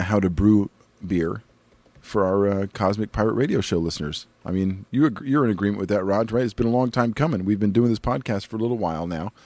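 Low mellow-voiced man rambling casually. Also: no echo. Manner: rambling, chewing while talking, laughs easily. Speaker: podcast co-host. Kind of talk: casual chat.

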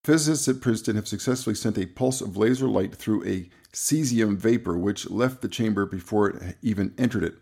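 A man co-hosting a casual podcast, rambling and halting, laughing easily and stumbling over words. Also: fairly low pitch, creaky, a little mellow, slightly rough. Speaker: podcast co-host. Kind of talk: casual chat.

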